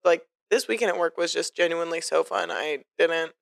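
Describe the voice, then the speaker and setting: Gravelly young woman chatting casually. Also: on the low side, fairly quick, dry recording, clean studio sound. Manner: chatty storyteller, swears freely. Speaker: podcast co-host. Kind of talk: casual chat.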